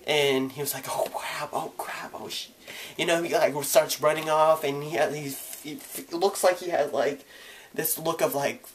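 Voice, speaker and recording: A young man telling his own coming-out story in a vlog, candid and casual, acting out the people he quotes with sudden jumps in pitch and volume. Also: steady tone, normal speed, a little hiss or hum. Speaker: vlogger.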